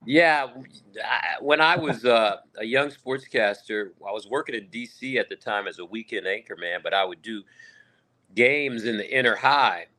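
A man with a bright, forward voice, telling stories in a relaxed interview. He talks in an easy, conversational way and sometimes breaks into a big play-by-play call. The pitch sits in the middle. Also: moderate pace. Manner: animated storyteller, bursts into booming play-by-play calls. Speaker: guest sportscaster. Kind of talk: storytelling in a podcast interview.

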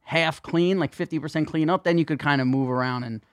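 Man, crude joking podcast co-host, fairly high voice, dry close sound. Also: fairly quick, no echo. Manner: crude, joking, swears freely. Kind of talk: casual podcast banter.

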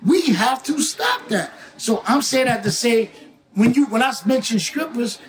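A man being interviewed as a guest rapper, talking emphatically, repeating himself and bursting into shouts. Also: very high voice, animated, normal speed, low-quality recording. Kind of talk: casual interview talk.

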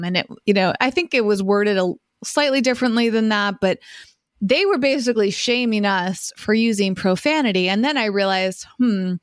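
A woman's voice: medium pitch, normal speed, dry recording, studio quality. A woman co-hosting a podcast, talking casually and reflectively, thinking aloud with small hesitations. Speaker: podcast co-host.

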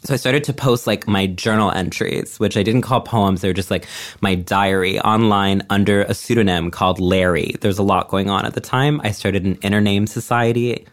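A man's voice: lowish voice, steady tone, moderate pace. A young adult guest from Texas, telling stories in a casual podcast chat and acting out what he and others once said. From Texas, USA. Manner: storytelling, acts out own past quotes. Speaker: guest, performance artist and writer.

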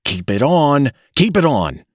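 A man's voice: lowish voice, big pitch swings, slow, no echo, clean studio sound, voice pushed up, heavily acted. A man doing a frantic, flustered father. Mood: hurried. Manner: frantic, nervous.

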